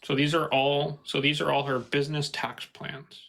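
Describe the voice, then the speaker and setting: A man in an online debate who reads tax figures aloud in a hesitant, halting way. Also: on the high side, level tone, vocal fry, a bit bright, rough recording. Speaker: debate opponent.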